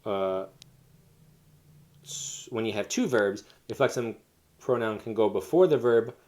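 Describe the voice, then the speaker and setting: Male teacher, lowish voice, walks learners through grammar step by step, casual and unscripted. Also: expressive, measured pace, a little mellow. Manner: explains step by step with fillers and self-corrections. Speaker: Spanish teacher. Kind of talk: recorded classroom lesson.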